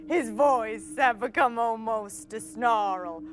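A woman author reading her own story aloud in a slow, deliberate way. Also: fairly low pitch, fairly even intonation, a bit bright, soft background music.

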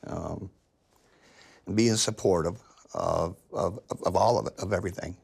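Older guy with a low husky rasp, halting, keeps repeating words as he goes. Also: a little mellow. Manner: halting, repeats words while searching for them. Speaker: interview guest. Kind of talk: casual conversation.

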